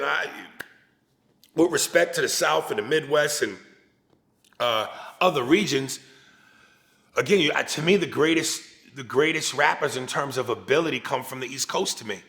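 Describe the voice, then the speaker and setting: Ranting New York comedian, bright and gravelly. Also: male voice, fairly high pitch, roomy sound. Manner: animated, profane comedic ranting. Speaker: comedian guest. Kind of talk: casual interview.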